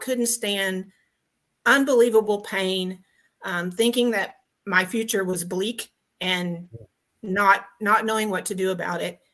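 A woman's voice: mid-range voice, a bit bright. A woman from Texas calling in to a podcast over video, giving a heartfelt, grateful testimonial with many ums and restarts. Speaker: guest caller.

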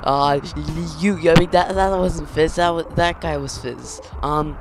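A gaming channel host giving excitable let's-play commentary, talking to the game characters and shouting when things go wrong. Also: mid-range voice, measured pace, noisy background.

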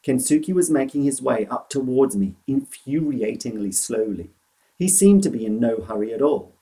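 A man's voice: mid-range voice, normal speed, low-quality recording. Man reading a children's story aloud. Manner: expressive, animated read-aloud.

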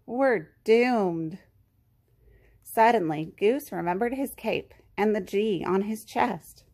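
Slow, gentle woman reading a storybook. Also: medium pitch, lively intonation. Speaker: children's story reader. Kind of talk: reading a picture book aloud.

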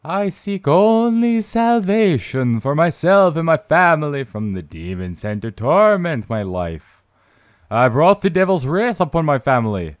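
A man voicing a remorseful old grandmother confessing in a letter, read slowly and loudly in a vague put-on accent. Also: medium pitch, lively intonation, no room sound, studio quality, lightly acted. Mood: solemn. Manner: slow, loud, theatrical reading in a vague put-on accent.

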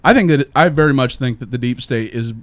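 A man with a mid-pitched voice recorded dry and close, pressing his political opinions in a casual podcast chat. He stresses his points and talks in long, unbroken runs. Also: quick pace, no room sound. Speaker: podcast co-host.

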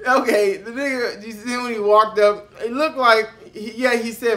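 High bright mocking young man. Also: fairly even intonation, normal speed, few pauses. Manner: loud, mocking, cursing, bursts into shouting laughter. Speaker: reaction video host. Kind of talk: casual reaction commentary.

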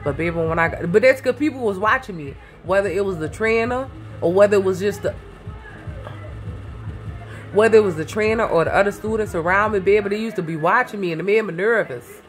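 A woman chats casually to camera from her home garage, holding her phone close, with soft music playing in the background. Her mid-range voice runs a little fast as she rambles, swears, gets sidetracked easily and calls her viewers "baby" and "y'all."

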